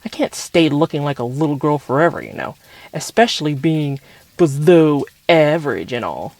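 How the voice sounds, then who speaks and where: A man voicing a spirited, defensive teenage girl in a read-aloud story, pitching his voice up for her. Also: animated, normal speed, a little mellow, no room sound. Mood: protesting.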